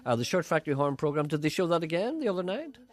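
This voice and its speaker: A man's voice: fairly high pitch, sing-song, rapid-fire. A middle-aged man presenting radio, dry and self-mocking as he reads out listener letters. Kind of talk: wry radio chat with comic readings. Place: radio studio.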